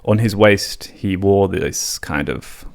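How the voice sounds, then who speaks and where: A young man casually telling a story as a podcast co-host, laughing, swearing and putting on higher voices for quotes. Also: takes it slowly, gravelly. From England.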